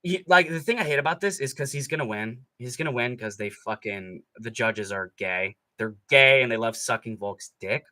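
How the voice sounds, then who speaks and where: A man's voice: mid-range voice, normal speed, few pauses, sharp tone. A young man hosting a live fight reaction stream, ranting sarcastically with plenty of profanity. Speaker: streamer host.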